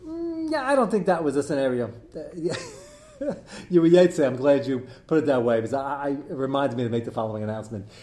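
A middle-aged man teaching a live class as its rabbi, animated and joking, with many fillers as he digresses. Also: medium pitch, quick pace, reverberant. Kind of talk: live lecture to an audience.

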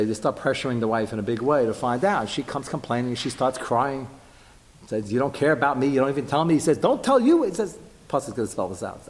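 A man giving a lively Torah class to a group, jumping his pitch up to act out quoted lines. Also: big-room sound.

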